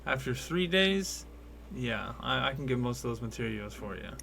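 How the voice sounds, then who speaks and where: A man's voice: medium pitch, expressive, normal speed, creaky, crowd noise. A man voicing an older male shopkeeper who is friendly and businesslike, haggling over prices in folksy merchant talk. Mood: bargaining.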